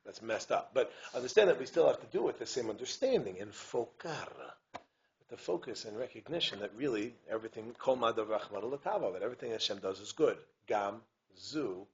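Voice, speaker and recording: A man, a rabbi, giving a lively community talk. He digresses, keeps asking his listeners if they understand, and chants Hebrew verses. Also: lowish voice, a little fast, dull audio.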